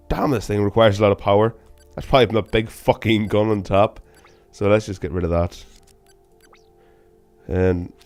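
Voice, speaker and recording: Young gamer host, lowish voice, casual self-mocking commentary over faint game music. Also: male voice. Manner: casual, self-mocking, bursts of loud excitement. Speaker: gaming channel host.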